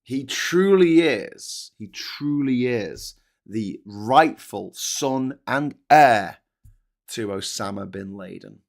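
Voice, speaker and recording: A man talking through the news in a loose, unscripted way. He is sardonic and mocking, and he swears freely. His voice sits at an ordinary middle pitch for a man. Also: animated, slow, vocal fry. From Britain. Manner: sardonic, swearing, mock-incredulous asides. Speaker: show host. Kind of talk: casual political commentary.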